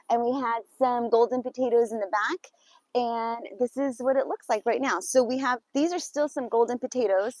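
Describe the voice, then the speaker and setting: A woman chatting casually with viewers while walking through her garden on a farm for a live vlog, with quick exclamations and nervous laughter. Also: fairly high pitch, a little mellow.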